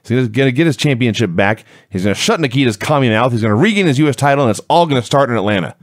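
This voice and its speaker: A man's voice: medium pitch, expressive, rapid-fire, dry recording, studio quality. A man co-hosting a casual review podcast, recapping events in an easygoing way and laughing often. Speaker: podcast co-host.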